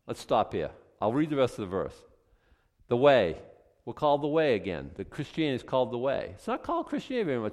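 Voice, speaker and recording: A male pastor giving a conversational sermon, animated and chatty, full of rhetorical questions, in a church sanctuary. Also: medium pitch. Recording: long reverb from a hall.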